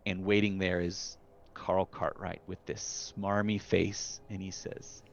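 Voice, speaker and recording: A man narrating a tabletop horror game as game master, describing scenes in the second person with halting restarts. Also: sits low, level tone, creaky. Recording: dull lo-fi recording with faint hiss.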